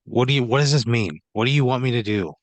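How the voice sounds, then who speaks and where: A man's voice: medium pitch, fast, dry recording. Exasperated man swearing through improv. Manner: exasperated, profane, stammering restarts. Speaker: podcast co-host playing along in improv. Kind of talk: improvised comedy.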